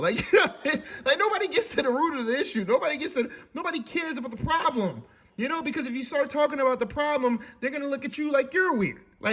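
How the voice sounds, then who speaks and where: A man with a high voice delivers a casual, profane rant. He talks animatedly and stammers through restarts, repeating words as he builds up steam. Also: animated, quick pace, bright, forceful tone. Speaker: commentator. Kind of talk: casual ranting monologue.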